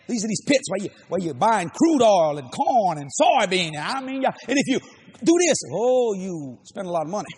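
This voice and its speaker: A middle-aged man preaching a sermon, telling a story with shouts, laughter and acted-out voices. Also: extremely high pitch, slight background noise.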